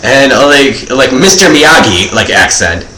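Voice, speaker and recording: A man's voice: mid-range voice, lively intonation, a little slow, background noise. Rambling teen boy, echoey room. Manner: rambling, filler-heavy, says "like" constantly. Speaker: comedian. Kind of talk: comedic monologue.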